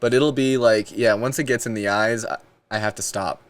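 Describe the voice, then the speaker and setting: A man's voice: medium pitch, fairly even intonation, normal speed, no room sound. A man with a mid-range voice hosts a comedy podcast. He rambles through crude, self-mocking stories, stopping and restarting his sentences as he goes. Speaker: podcast host. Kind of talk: casual comedic chat.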